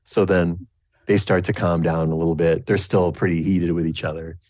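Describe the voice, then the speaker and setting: A man's voice: deep voice, flat delivery, moderate pace, darkish tone, no room sound, dull audio. A man narrating as game master of a tabletop game, rambling with many restarts and fillers.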